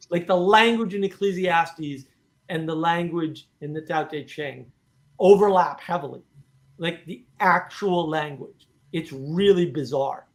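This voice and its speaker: A man hosting a casual discussion, animated and talking in bursts with many "right?" asides. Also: sits high. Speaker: host.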